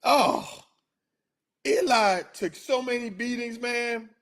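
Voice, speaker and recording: A man hosting a casual sports talk livestream, slangy and excitable, rambling about his picks. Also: very high-pitched, takes it slowly. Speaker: sports podcast host.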